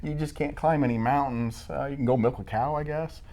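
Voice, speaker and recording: A middle-aged Iowa man, a school staff member, answers interview questions casually, joking and poking fun at himself as he tells stories. His mid-range voice is brisk and a bit mellow, with fairly even intonation.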